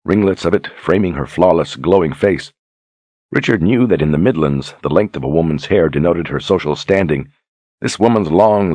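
A male audiobook narrator with a very deep, low voice and a husky grain, reading in a measured, even storytelling pace. The recording is close and dry, with no room echo at all. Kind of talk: scripted narration.

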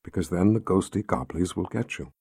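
A man doing a soft, soothing mother spirit. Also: deep voice, animated, brisk, gravelly, husky, dry recording, clean studio sound, pitched below the performer's own voice, heavily acted. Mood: soothing, gentle.

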